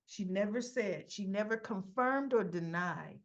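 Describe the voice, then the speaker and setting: A woman's voice: mid-range voice, a little slow, dull audio. A woman giving a chatty, sassy recap of a soap episode, acting out the characters' lines as she goes. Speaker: soap opera reviewer.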